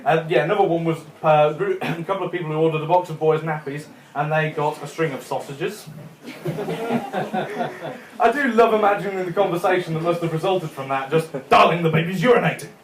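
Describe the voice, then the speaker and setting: A man's voice: fairly high pitch, normal speed, a little hiss or hum. Young guy doing stand-up, chuckles at his own jokes, roomy echo. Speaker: stand-up comedian. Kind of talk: stand-up comedy set. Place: comedy club room with a live audience. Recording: echoey club room.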